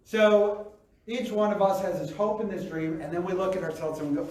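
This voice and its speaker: A man's voice: high-pitched, fairly even intonation, a little fast, darkish tone, distant mic. Man preaching in a very echoey hall. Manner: conversational, acts out quoted reactions, frequent "right?". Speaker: pastor. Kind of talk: sermon. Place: church sanctuary.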